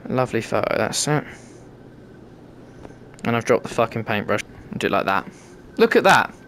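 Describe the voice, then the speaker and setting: A man's voice: mid-range voice, sing-song, moderate pace, a bit bright, slight background noise. A British man giving cheeky, sweary commentary while playing a VR game. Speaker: gamer content creator. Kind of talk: casual gameplay commentary.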